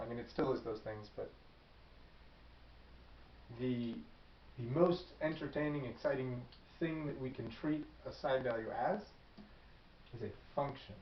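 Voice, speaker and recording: A man teaching a math lesson in a relaxed, off-the-cuff way, thinking aloud and correcting himself as he goes. He sounds set back from the mic, and his voice carries an echo of the room around him. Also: medium pitch, a little hiss or hum. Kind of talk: whiteboard lecture. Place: classroom. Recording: echoey classroom, far from the mic, dull.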